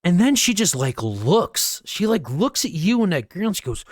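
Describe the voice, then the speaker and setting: A man co-hosting a podcast with a slightly higher voice, recorded close and dry with no room sound. He tells the story loosely, swears often, and his pitch leaps up when he plays out what people said. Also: moderate pace, hardly any pauses, no echo. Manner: relaxed, swears freely, acts out quotes in a higher voice. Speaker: podcast co-host. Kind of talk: casual storytelling chat.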